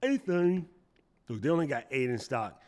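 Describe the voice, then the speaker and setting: At a normal speed, a man with a medium-pitched, slightly mellow, sing-song voice hosts a relaxed live stream. He chats playfully, reads viewer comments aloud and responds, and does jokey voices.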